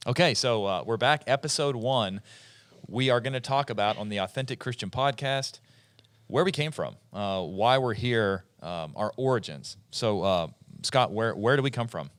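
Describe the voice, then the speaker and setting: A man's voice: medium pitch, animated, normal speed, a bit bright, no echo. A man in his forties hosting a casual podcast discussion, chatty and explanatory, often restarting his sentences. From eastern United States. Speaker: podcast host.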